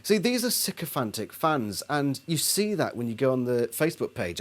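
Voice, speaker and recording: A man's voice: medium pitch, sing-song, brisk, few pauses. A man ranting about a band in a sarcastic, indignant video monologue. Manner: indignant, sarcastic, mocks others in put-on voices. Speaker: album reviewer.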